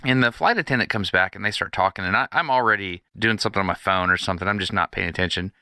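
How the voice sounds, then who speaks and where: A man co-hosts a podcast, telling a story in casual conversation and acting out the characters in it. His voice is low-pitched, quick, and sharp, recorded cleanly in a studio with no room sound.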